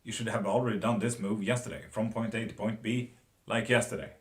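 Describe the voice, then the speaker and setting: A man's voice: on the low side, fairly even intonation, brisk. A man giving a casual live-stream tarot reading and chatting with viewers, talking loosely and swearing now and then. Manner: casual, swearing, laughs often. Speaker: tarot reader.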